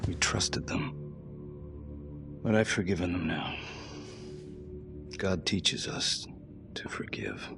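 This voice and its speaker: An actor playing a desperate male death-row inmate in a video game cutscene, lurching between hushed whispers and furious shouts. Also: low voice, sing-song, takes it slowly, gravelly, pauses often, music in the background, exaggerated voice. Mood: haunted. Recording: game score playing underneath.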